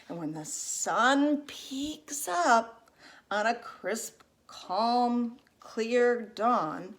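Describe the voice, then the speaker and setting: A woman teacher reading a picture book aloud to young children, expressive and asking them questions along the way. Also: a little high, slow pace. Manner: lively, expressive, asks listeners questions.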